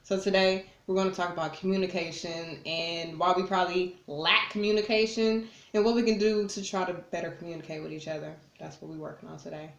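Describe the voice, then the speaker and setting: A woman's voice: lowish voice, little pitch movement, a little fast, gravelly, hardly any pauses, muffled recording. A woman vlogger talking casually to her camera, blunt and profane, who acts out arguments in raised voices. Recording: roomy echo.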